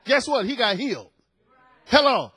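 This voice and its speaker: A man in his fifties preaching a sermon, emphatic, repeating his words and rising at times to shouts. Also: high voice, lively intonation, measured pace, slightly rough, dry recording. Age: 50s.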